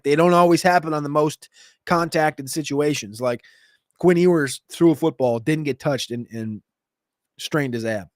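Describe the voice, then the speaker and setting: A man hosting a casual livestream Q&A, answering viewer questions in a quick, chatty way with sudden jumps in pitch. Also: dry recording, studio quality. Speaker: fantasy football show host.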